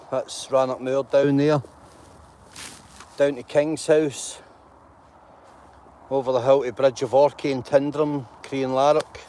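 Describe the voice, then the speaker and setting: A man's voice: medium pitch, mellow, slight background noise. A man, hosting a casual live stream and greeting viewers by name in a rambling, chatty way, outdoors in a mountain glen on a phone.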